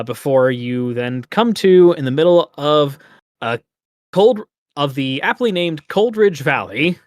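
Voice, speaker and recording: A man's voice: fairly high pitch, dry recording, clean studio sound. A man co-hosting a casual gaming podcast, rambling and laughing often. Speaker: podcast co-host.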